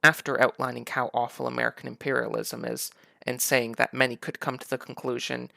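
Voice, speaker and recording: Gravelly, sarcastic male commentator. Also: medium pitch, level tone, brisk, bright, forceful tone, dry recording, studio quality. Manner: sarcastic, mocking. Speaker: commentary YouTuber.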